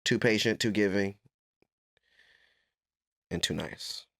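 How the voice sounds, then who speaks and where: A man's voice: fairly low pitch, takes it slowly, gravelly, fairly bright tone, no echo, clean studio sound. A man hosting a casual interview show in a playful, corny, encouraging way. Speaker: podcast host.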